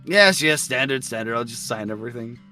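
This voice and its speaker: A man's voice: medium pitch, animated, a little fast, pushed and bright, faint music behind. A man playing a boastful old vampire who rambles about inventing things in a tabletop role-play game. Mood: grandiose. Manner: pompous, rambling, old-fashioned phrasing.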